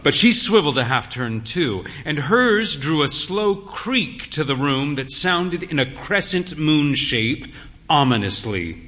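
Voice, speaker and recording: A man reads a literary story aloud in a weary, wry first-person voice. He takes it slowly, his bright tone rising and falling with lively shape. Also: a little high, big-room sound. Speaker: narrator, pub landlord.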